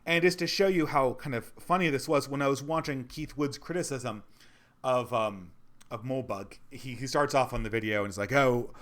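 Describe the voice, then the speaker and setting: A man's voice: medium pitch, moderate pace, fairly bright tone. Irritated man in his thirties, commentary. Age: 30s. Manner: conversational, restarts and repeats phrases, irritated. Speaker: channel host. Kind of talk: critical commentary monologue.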